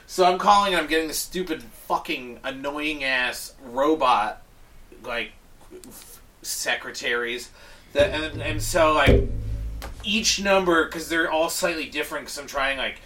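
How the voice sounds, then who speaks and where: A man ranting in casual chat, exasperated and animated, swearing constantly. His voice is bright and tense, and sits a little high for a man. He sounds some distance from the mic. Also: measured pace, slight background noise.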